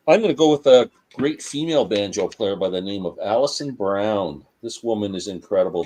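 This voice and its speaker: A man with a fairly low voice chats casually over a video call. He rambles along and stalls with uhs while he tries to recall names. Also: a little mellow. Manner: chatty, fumbles for names with uh. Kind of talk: casual conversation.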